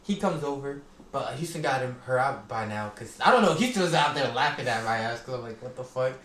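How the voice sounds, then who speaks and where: Telling old stories casually on a podcast, a young man uses a medium-pitched, expressive, fairly bright voice that runs a little fast. He laughs often and swears and uses slang freely; the recording has an echoey room sound with faint noise.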